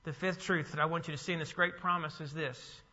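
A man's voice: on the high side, steady tone, a little fast, bright, forceful tone, in a large hall, muffled recording. A man preaching a sermon as pastor, emphatic, with rhetorical questions to the congregation.

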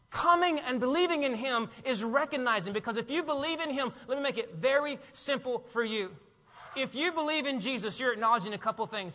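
In a church sanctuary, a pastor delivers an emphatic sermon, repeating phrases and putting questions to the congregation. His very high voice is bright and forceful, ringing out with long reverb, though the audio sounds slightly dull.

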